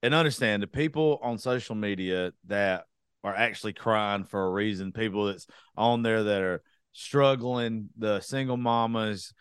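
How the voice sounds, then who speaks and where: A man's voice: lowish voice, moderate pace, clear, resonant tone, dry recording, studio quality. A young man hosting a podcast, talking bluntly in a casual, profane rant. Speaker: podcast host.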